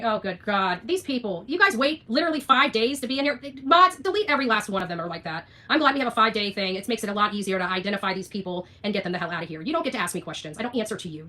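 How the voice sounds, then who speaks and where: A woman's voice: medium pitch, sharp tone. A woman vlogger ranting to her viewers in a blunt, profane, sarcastic way. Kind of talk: ranting livestream vlog.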